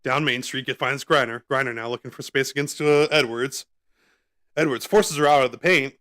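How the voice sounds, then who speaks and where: Speaking at a moderate pace in a mid-range voice, a man hosts a home live stream with relaxed play-by-play commentary, full of asides and fillers. He talks close to a microphone positioned in front of his face.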